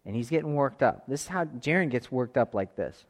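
A man in his thirties tells a family story in a loose, rambling way. He starts over often and slips into lively voiced quotes. His voice sits at an ordinary middle pitch. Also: big-room sound. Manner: rambling, animated, with quick restarts and voiced quotes. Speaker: father telling a church camp story. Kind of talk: casual storytelling.

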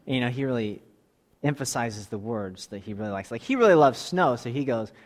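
A man's voice: mid-range voice, expressive, brisk. Conversational man teaching a Bible lesson. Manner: conversational storyteller, swings between soft asides and emphatic bursts. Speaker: teacher of a church class. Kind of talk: sermon-style Bible lesson.

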